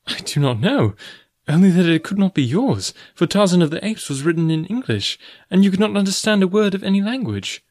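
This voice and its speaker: A man voicing an earnest, gentle young woman in a storybook reading, speaking softly and breathlessly. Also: lowish voice, very animated, brisk, dry recording, studio quality, voice pushed up. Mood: tender, wondering.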